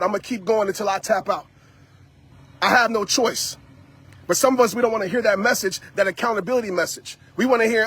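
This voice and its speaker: Out on a walk, a man live-streams to his viewers, preaching a motivational message, repeating himself a lot, and addressing them directly. His voice is high for a man, husky and breathy, fairly bright, and fairly quick. It sounds like he's speaking into a handheld phone.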